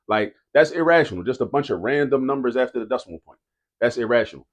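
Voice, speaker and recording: A man's voice: medium pitch, animated, brisk. A man teaching a math lesson, talking casually and directly to students, repeating each key rule for emphasis.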